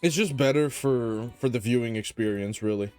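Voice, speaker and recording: A man's voice: mid-range voice, normal speed, darkish tone, clear, resonant tone, soft background music. A tired man hosting a gaming channel, rambling in casual gameplay commentary with a sleepy, self-joking manner.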